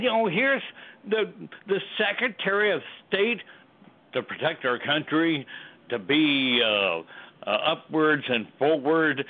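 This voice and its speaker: A man calling in to a talk show, ranting about politics in a heated, stumbling way and repeating himself. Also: fairly high pitch. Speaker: caller. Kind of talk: heated political call-in rant. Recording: tinny phone line.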